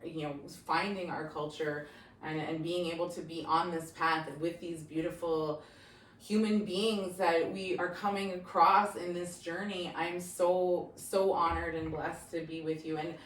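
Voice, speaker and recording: A woman's voice: fairly low pitch, steady tone, a little slow, slight background noise. A woman moderating a group talk, affirming the others with many small sounds of agreement. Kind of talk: warm group conversation. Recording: roomy sound from a distant mic.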